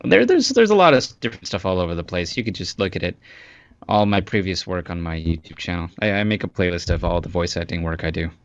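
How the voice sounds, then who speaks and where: A man's voice: low voice, big pitch swings, fast talker, smooth, dry recording, lo-fi sound. A man who works as a voice actor, chatting as an interview guest in an easygoing, joking way over an online call. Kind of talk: casual interview chat.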